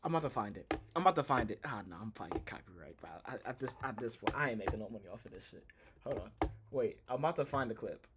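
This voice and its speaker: A young man streaming a casual reaction, talking loudly in slangy, animated exclamations. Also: lowish voice, quick pace, very noisy. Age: young adult.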